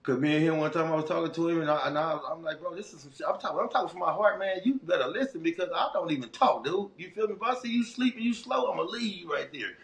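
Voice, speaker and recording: This middle-aged guest from Los Angeles, local accent intact, relates his life story casually, with animated, streetwise warmth and heart. His voice is a little high with vocal fry, the pace quick with few pauses, and the sound roomy.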